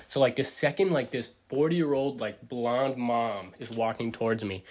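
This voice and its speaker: A man in his forties rambling through a casual solo podcast monologue, full of fillers and restarts, jumping up in pitch to act out what others said. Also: fairly quick, hardly any pauses. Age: 40s. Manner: acts out quotes with big pitch jumps. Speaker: podcast host.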